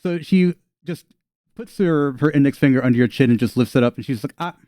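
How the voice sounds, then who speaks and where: A man's voice: medium pitch, a little fast, mellow, no echo, studio quality. A man narrating as game master in a playful, laughing way.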